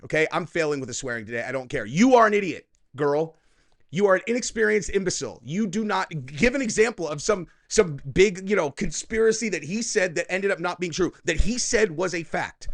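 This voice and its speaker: Middle-aged guy ranting on his commentary show, swears a lot, mocks people, voice sits a bit high for a man. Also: animated, a little fast, hardly any pauses. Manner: profane, combative, mocking. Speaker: political commentary host. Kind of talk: reaction commentary rant.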